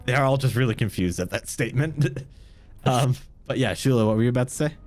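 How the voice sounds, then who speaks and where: A man narrating a tabletop game as game master, in a relaxed, rambling storytelling way. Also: mid-range voice, brisk, faint music behind.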